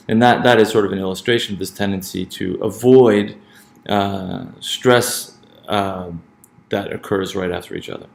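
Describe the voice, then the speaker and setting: A man lecturing on pronunciation with a low, gravelly voice. He talks his way through each point, restarting phrases and checking in with "right?". The sound has a roomy echo. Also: darkish tone. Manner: thinking aloud, many restarts and checking "right?". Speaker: teacher. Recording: echoey room.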